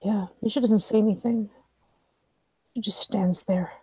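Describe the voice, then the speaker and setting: A woman playing her character in a tabletop game, measured and blunt. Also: medium pitch, fairly even intonation, warm tone, slightly rough, no echo, poor audio. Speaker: player.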